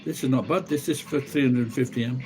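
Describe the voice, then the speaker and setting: With music and other background noise around him, a man chats to viewers over a meal in his vlog. He rambles and muses aloud at a fairly quick pace in a medium-pitched voice.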